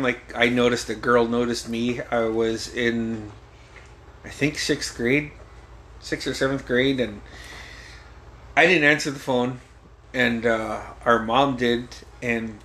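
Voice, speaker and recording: A man's voice: medium pitch, a bit bright. Laughing, swearing man telling stories. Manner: profane, laughs often. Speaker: podcast guest. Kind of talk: casual storytelling.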